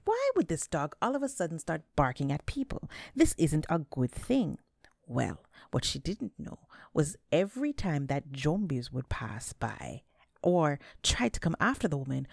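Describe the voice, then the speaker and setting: Lively woman telling folk tales, lowish voice, dry mic, dramatic. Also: gravelly, no room sound. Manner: animated, dramatic, drawn-out words. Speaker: storyteller. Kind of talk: folktale storytelling.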